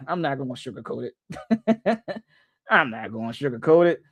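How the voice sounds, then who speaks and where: A man's voice: mid-range voice, big pitch swings, moderate pace, a bit bright, slightly rough, no room sound. A man hosting a live sports reaction stream, chatting loosely with viewers and joking as he goes. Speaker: livestream sports host.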